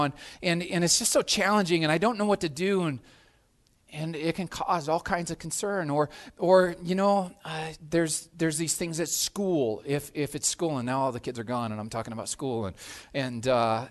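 Slightly high-voiced man preaching casually. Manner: conversational, repeats words, acts out scenes. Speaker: pastor. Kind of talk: sermon.

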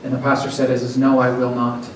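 A man's voice: mid-range voice, completely flat delivery, fast. A man preaching a sermon as pastor, telling a story and then urging his listeners earnestly. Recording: echoey hall, distant mic, audible background noise.

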